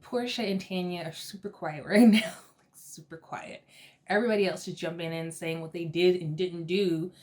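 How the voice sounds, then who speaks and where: A woman's voice: lowish voice, fairly even intonation, brisk, hardly any pauses, a little mellow. Chatty gossiping woman recapping TV. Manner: chatty, gossipy, laughs between remarks. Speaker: reality TV recap host. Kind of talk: casual episode recap.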